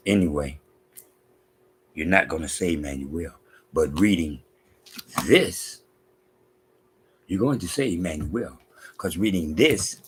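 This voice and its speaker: A man preaching a monologue, reading scripture aloud and repeating his points emphatically, often dropping to hushed asides. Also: low-pitched, breathy edge.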